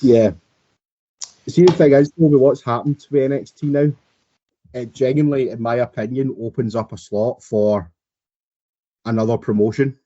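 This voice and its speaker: A man's voice: medium pitch, fairly even intonation, moderate pace, pauses often, mellow. Laid-back man, muffled sound. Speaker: podcast co-host. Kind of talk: casual chat.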